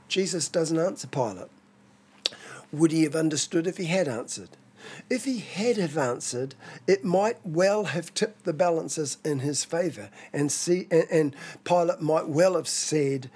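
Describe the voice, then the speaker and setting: A man preaching a sermon in a measured, expository way. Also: fairly high pitch, darkish tone, husky. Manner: measured, expository, dramatizes quoted scripture.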